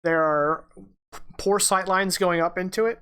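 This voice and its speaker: A man running a tabletop game as game master, narrating with many restarts and pauses. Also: high voice, fairly bright tone, clear, resonant tone. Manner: halting, lots of restarts and ums.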